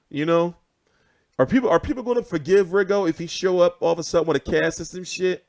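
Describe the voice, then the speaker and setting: A man's voice: sits high, fast. A man hosting casual boxing commentary, ranting with lots of swearing and repetition. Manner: animated, profane, repeats himself.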